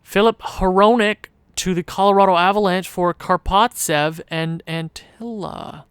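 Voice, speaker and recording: A man thinking aloud in casual gameplay commentary, rambling and hesitant, often restarting, then breaking into sudden excited outbursts. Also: high voice, measured pace, clean tone, no room sound. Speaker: gaming channel host.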